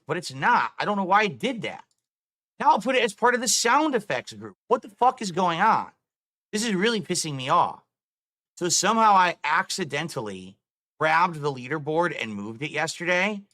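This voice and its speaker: A man's voice: on the high side, bright, forceful tone. Exasperated man swearing at his stream setup. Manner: exasperated, swearing, talking through tech trouble. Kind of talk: live stream talk to chat.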